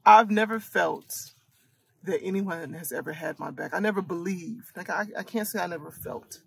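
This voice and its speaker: Gravelly, husky-voiced woman telling a story. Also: on the low side, moderate pace. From Michigan, USA. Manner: candid, earnest, circling back and repeating herself. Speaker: host and coach for women. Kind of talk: casual storytime monologue.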